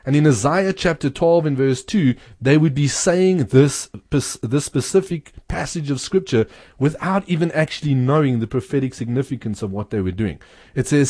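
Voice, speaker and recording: This Bible teacher co-hosts a radio-style talk show, earnestly explaining scripture, quoting passages and repeating key words. His mid-range voice is warm, at a normal speed, with clean studio sound and no echo.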